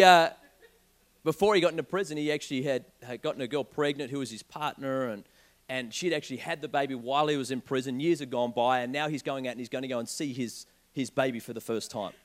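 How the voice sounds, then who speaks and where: A young man preaching a sermon, telling a joking personal story in an animated way. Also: mid-range voice, normal speed. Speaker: pastor.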